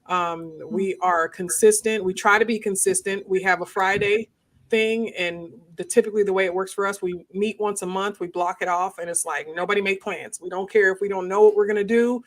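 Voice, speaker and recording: Woman host, casual live-stream chat, animated, jumps up in pitch for jokes. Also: a little fast. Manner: animated, laughing, rising to high pitch when joking.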